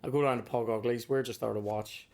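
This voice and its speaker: A man's voice: mid-range voice, steady tone, fast talker, vocal fry, a little mellow. Northern irish guy, comedian spinning gig stories, lots of swearing, does the voices of people he meets. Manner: swears freely, acts out others in his stories. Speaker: comedian guest. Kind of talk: casual storytelling chat.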